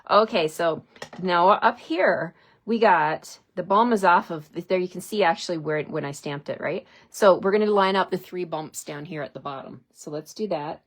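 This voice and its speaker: A woman's voice: fairly low pitch, moderate pace. A woman giving a casual, chatty card-stamping tutorial, talking to her viewers as she works. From Canada. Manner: chatty and giggly, talks to viewers while working. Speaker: stamping demonstrator.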